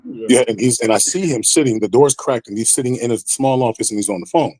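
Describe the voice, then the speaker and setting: A man telling a story on a podcast in a casual, animated way, with lively acted-out quotes. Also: mid-range voice, fairly quick, dry recording. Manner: animated, acts out quoted voices. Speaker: podcast guest.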